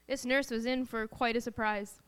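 A woman's voice: a little high, clear, resonant tone. A woman in her thirties, a mother telling her family's story as a personal faith testimony, in an earnest and emotional way.

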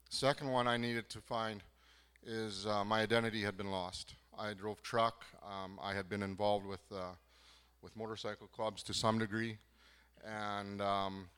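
A man from southern Manitoba gives a personal faith testimony, earnest and halting, with many pauses and restarts. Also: on the low side, a bit bright, smooth, big-room sound. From southern Manitoba, Canada. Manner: earnest, moved. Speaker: program participant giving testimony.

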